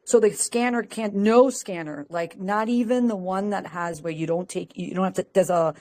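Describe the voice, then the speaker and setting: Speaking at a moderate pace in a medium-pitched, darkish voice, a woman from Peru chats casually on a group call. She's a lively storyteller who laughs a lot and acts out people's quotes.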